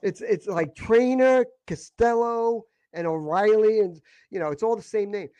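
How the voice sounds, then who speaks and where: Halting, emotional man telling a story. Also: high voice, a little mellow, clear, resonant tone, no echo. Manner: emotional, halting, repeats words. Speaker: guest. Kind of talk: casual podcast storytelling.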